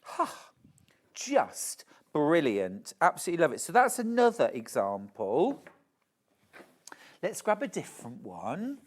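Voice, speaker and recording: Chatty woman shopping-TV host, low and slow, very lively intonation. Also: husky. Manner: gushing, chatty, reads out viewer messages. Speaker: shopping channel presenter. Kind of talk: live TV sales presentation.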